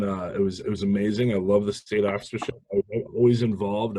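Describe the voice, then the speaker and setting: A man from Minnesota, a guest on a podcast, telling stories from his past in an animated, casual way and laughing often. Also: fairly low pitch, slight background noise. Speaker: podcast guest, sales manager. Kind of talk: casual storytelling interview.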